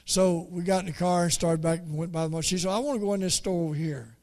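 A man's voice: high voice, a little mellow. Folksy man telling a sermon story. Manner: folksy, halting with many repeated starts. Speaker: preacher.

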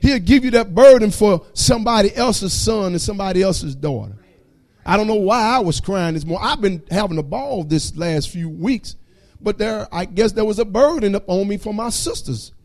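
A man's voice: high-pitched, a little mellow. A man giving a fervent church testimony with a repetitive preaching cadence.

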